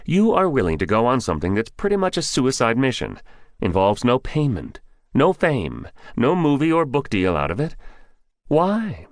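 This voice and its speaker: A man voicing a brusque, sarcastic balding general who barks his questions, pitched above his own voice in an audiobook reading. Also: huge pitch swings, moderate pace, no room sound, studio quality. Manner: barking, sarcastic.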